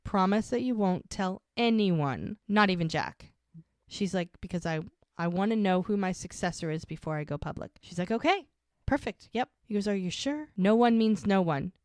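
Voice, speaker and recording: A woman's voice: medium pitch, normal speed, smooth, dry recording. A woman co-hosting a podcast, casually recapping a TV episode and acting out the characters' lines. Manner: animated retelling, quoting characters' lines. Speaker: podcast co-host.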